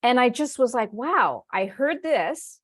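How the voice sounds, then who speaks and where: A woman with a fairly high, expressive voice speaks at an unhurried pace as she leads a live online spiritual workshop. She tells stories in a warm, chatty way, laughing often and acting out her inner voice in quoted asides.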